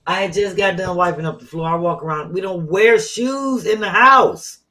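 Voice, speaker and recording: A middle-aged woman co-hosting a casual podcast, telling stories with playful, animated complaints. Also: on the low side, moderate pace. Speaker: co-host.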